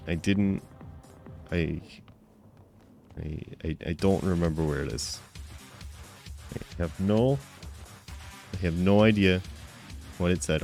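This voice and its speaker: A man's voice: low-pitched, a little mellow. A man streaming a game live, chatting with viewers in playful, mock-offended banter with stammering restarts.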